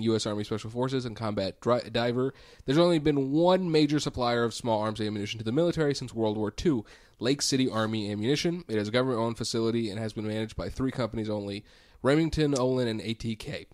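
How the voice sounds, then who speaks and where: Dude on a comedy podcast, dry close mic, wry asides, mid voice. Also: male voice, medium pitch, no echo. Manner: wry, explains facts with joking asides. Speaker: podcast co-host. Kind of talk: casual comedy podcast chat.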